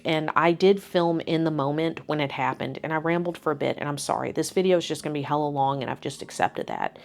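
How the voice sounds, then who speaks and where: Low-voiced young woman chatting casually. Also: gravelly. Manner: chatty, candid, joking asides. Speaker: vlogger. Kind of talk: casual chat.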